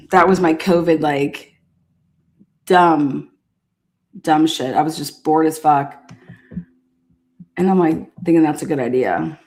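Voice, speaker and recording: Low-voiced woman telling a profane anecdote. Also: slow pace, pauses often. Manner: profane, animated, laughing while telling a story. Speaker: storyteller recounting past events. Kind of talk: casual anecdote.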